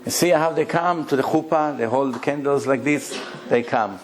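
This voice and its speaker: In this Torah lecture, a male rabbi speaks at medium pitch and a moderate pace, recounting stories energetically and asking his audience rhetorical questions. English isn't his first language, which shows in his grammar. A little hiss or hum sits under the audio.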